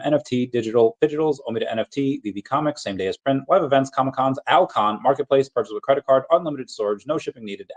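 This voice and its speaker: A man's voice: mid-range voice, darkish tone. A man hosting a casual livestream, reading viewer comments and rambling off on tangents. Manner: rambling, easily sidetracked, self-interrupting. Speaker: crypto livestream host.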